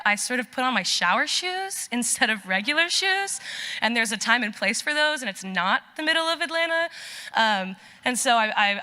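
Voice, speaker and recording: A young woman tells a personal story on stage, chatty and animated, slipping into the voices she quotes. Her tone is bright and clear. The sound carries the long reverb of a large auditorium. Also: a little high. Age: young adult. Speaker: student storyteller.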